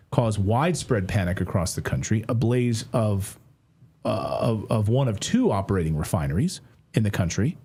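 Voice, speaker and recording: A man's voice: on the low side, dark tone, breathy edge. A middle-aged man hosting a news commentary show, talking to camera in a conversational way, correcting himself and dropping wry asides.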